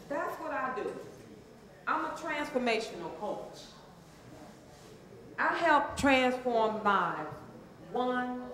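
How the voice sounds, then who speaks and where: A woman's voice: fairly high pitch, fairly bright tone. A woman speaking as a transformational coach to a live audience, calling for responses and repeating phrases for emphasis. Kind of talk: motivational seminar talk to a live audience. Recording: very echoey hall.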